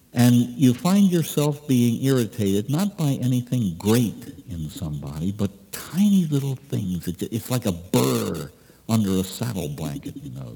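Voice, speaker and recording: A man's voice: mellow, slightly rough. A man, a priest, gives a sermon and tells a folksy anecdote, acting out the dialogue in a voice that climbs for each speaker. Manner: folksy storytelling, acting out dialogue with rising pitch. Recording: long reverb of a large hall.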